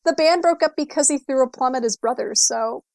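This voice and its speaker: A woman's voice: high-pitched, a little fast, gravelly, no room sound. Giggly woman co-host, dry close sound. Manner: giggly, animated, playful. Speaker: podcast co-host. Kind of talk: casual gaming podcast chat.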